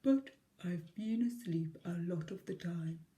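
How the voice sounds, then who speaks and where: A woman voicing a calm, gentle old male teddy bear in a children's storybook. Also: on the low side, measured pace.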